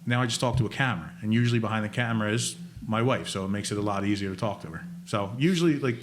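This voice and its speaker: A man in his thirties, a podcast guest who tells animated stories and jokes in casual chat. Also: fairly low pitch, a little hiss or hum. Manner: animated storyteller, quick to joke. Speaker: podcast guest, food content creator.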